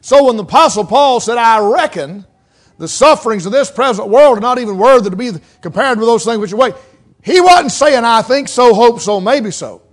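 High-voiced folksy mountain preacher man. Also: animated, normal speed. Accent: Southern US mountain. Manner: folksy, conversational preaching with acted-out quotes. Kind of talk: sermon.

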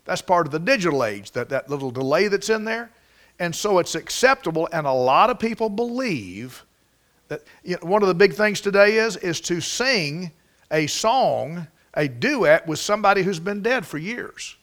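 A man's voice: high-pitched, expressive, moderate pace, fairly bright tone. A man preaching a sermon, emphatic and prone to restarts. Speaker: pastor.

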